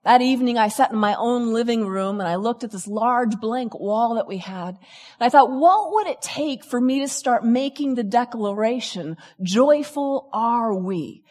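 A woman, a lively storyteller who acts out the people she quotes, telling a personal story to an audience. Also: on the high side, moderate pace, in a large hall. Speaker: speaker. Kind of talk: storytelling talk.

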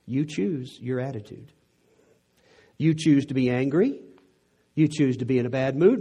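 A man's voice: mid-range voice, lively intonation, measured pace, pauses often, mellow, husky. A middle-aged man from Texas with a Texan accent, preaching a sermon in an earnest way that builds to emphatic peaks.

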